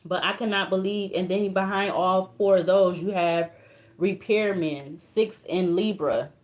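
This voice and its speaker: Low-voiced woman reading tarot cards. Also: fairly even intonation, measured pace, darkish tone. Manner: reads card texts aloud, emotional, colloquial. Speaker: tarot reader.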